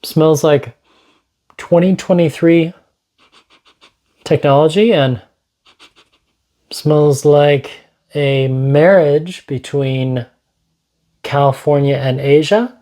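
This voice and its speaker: An unhurried man talks through a gadget unboxing in his home studio, dropping joking asides and thinking out loud. His voice is mellow and warm, and he takes his time with each thought. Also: medium pitch. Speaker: tech reviewer. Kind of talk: casual unboxing vlog.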